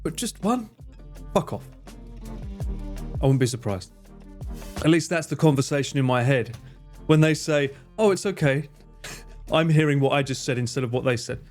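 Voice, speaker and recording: A man chatting casually on his livestream, rambling, joking and swearing freely with quick asides. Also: mid-range voice, a little mellow, soft background music. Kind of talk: casual chat reading stream chat.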